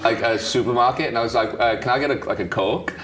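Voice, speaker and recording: A man's voice: mid-range voice, fast, recorded from a distance, background noise. A young man telling jokes in casual banter, trying to hold back laughter through the punchlines. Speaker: joke teller in a laugh challenge. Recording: music bed, voice a bit off mic.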